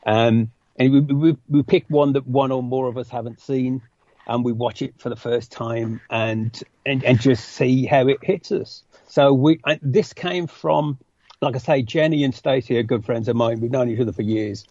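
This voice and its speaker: A man's voice: medium pitch, fairly even intonation, normal speed, mellow, dry recording, muffled recording. A man with a West Midlands English accent, a podcast guest chatting casually in a self-deprecating way. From West Midlands, England. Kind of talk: casual chat.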